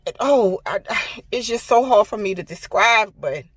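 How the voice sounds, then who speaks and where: A woman's voice: mid-range voice, expressive, moderate pace, slightly rough. A middle-aged woman hosting her own channel, chatting emphatically and directly to her viewers in a casual vlog. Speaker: home decorating channel host.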